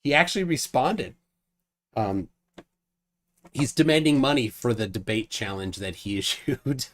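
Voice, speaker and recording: A man's voice: medium pitch, expressive. Rambling male livestream host. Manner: rambling, halting with restarts and fillers. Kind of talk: casual live debate stream.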